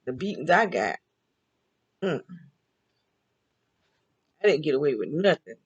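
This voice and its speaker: A woman's voice: sits low, very animated, a little slow, breathy edge, highs cut off. An older woman chatting alone on camera, telling family stories and laughing often. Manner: chatty, laughs often, talks back and forth with herself. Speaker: vlogger. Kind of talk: casual storytelling monologue.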